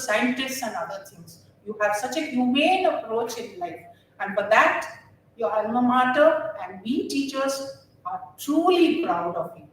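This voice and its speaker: An older woman, a retired geography teacher giving an animated, laughing speech to former students at a reunion. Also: fairly high pitch, a little hiss or hum. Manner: warm, animated storytelling with frequent laughter. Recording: very echoey room, voice far from mic.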